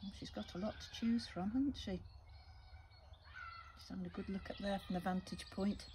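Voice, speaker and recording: A woman primary school teacher with an English accent reading a storybook aloud to young children, gently asking them questions. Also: medium pitch, steady tone, normal speed, noisy background.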